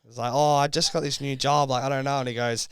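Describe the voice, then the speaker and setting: A man's voice: mid-range voice, flat delivery, fast, smooth, dry recording, clean studio sound. A young Australian man and reality show contestant, telling his story in a casual podcast interview, rambling with lots of fillers.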